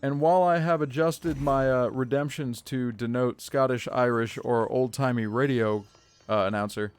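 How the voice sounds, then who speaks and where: Faint music plays behind a man's steady, mid-range voice as he streams a game at a moderate pace. He's chatty and jokes around with his viewers in casual commentary.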